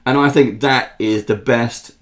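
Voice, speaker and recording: A man with a London accent, from South London, chatting excitedly among friends and joking loudly. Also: medium pitch, unhurried. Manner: excitable, laughs and jokes loudly. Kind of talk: casual chat.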